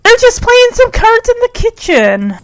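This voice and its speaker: A woman's voice: extremely high pitch, very animated, measured pace, noisy background. A woman recapping an old TV episode in casual, chatty talk, gushing and full of fillers. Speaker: show recapper.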